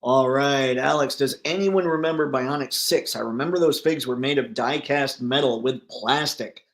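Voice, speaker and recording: A man hosts a casual live chat show in an ordinary mid-pitched voice. He reads viewer comments aloud and answers them loosely and talkatively. He often thinks out loud as he clicks around, wandering from one thought to the next. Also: moderate pace. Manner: thinks aloud while browsing online listings. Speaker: livestream host.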